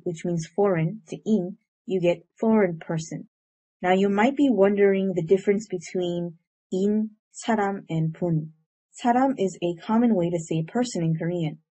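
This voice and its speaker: In scripted narration, a female teacher walks through a language's grammar, giving clear explanations and reading sample sentences at a measured pace. She sounds low-pitched and mellow.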